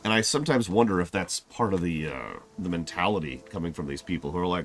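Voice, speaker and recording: A man's voice: low-pitched, lively intonation, quick pace, fairly bright tone, slight background noise. A man streaming a game, musing and thinking aloud with some hesitation. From United States.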